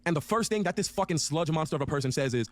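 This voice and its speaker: A man telling a story in a heated, profane, animated rant. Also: on the high side, racing.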